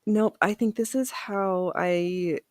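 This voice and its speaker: A woman with a mid-range, slightly mellow voice speaks slowly while hosting a casual live sewing stream. She laughs often and reads viewer comments aloud as she works.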